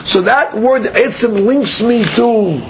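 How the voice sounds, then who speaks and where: A man teaching a study class speaks slowly in a high, light, creaky voice. His patient lecture is punctuated by questions he asks himself and then answers, with a faint hum of background ambience.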